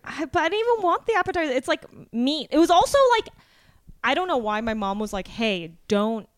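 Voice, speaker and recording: A woman with a fairly high voice that swings up and down as she talks teases her guest on a podcast. She swears freely, and her voice sounds close and dry. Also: fast, no room sound. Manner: expressive, swearing, teasing. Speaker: podcast co-host. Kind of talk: casual chat. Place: podcast studio.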